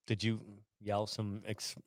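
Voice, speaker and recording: A man's voice: on the low side, completely flat delivery, dry recording. Teasing man cutting in with questions. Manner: teasing, interjecting with quick questions. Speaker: podcast co-host. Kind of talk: casual chat.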